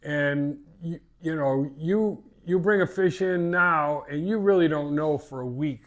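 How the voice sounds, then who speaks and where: A man's voice: fairly high pitch, a little slow. An older man with a Boston accent, a fishing captain telling stories in a casual interview, rambling and repeating words. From Massachusetts.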